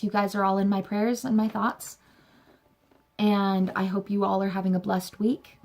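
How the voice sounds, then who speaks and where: A woman's voice: medium pitch, a little mellow. A young woman talking earnestly to camera, sharing a personal story and encouraging her viewers with faith-filled words. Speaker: vlogger. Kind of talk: heartfelt personal talk to camera.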